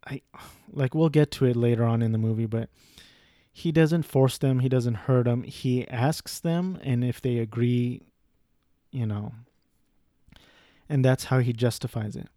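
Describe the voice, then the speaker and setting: A man's voice: mid-range voice, a little slow, dark tone, no echo, studio quality. A young man giving a casual, rambling film review, swearing freely and breaking off into asides. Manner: rambling, profane, frequent restarts and asides.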